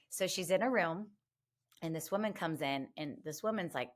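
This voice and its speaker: A woman guest on a podcast, telling a personal story in an animated, expressive way with many asides. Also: sits low, normal speed. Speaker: guest, medium and grief counselor.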